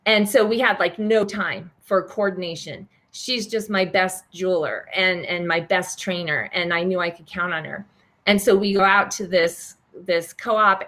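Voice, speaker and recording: Older woman telling an emotional story. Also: on the low side. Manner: animated, acts out quoted dialogue. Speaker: guest, charity founder. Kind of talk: storytelling in an interview.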